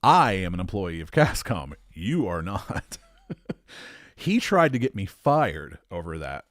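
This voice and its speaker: A man telling a story in a casual, animated, profane way, getting worked up as he talks. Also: low voice, slow pace, no echo. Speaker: storyteller recounting a former boss.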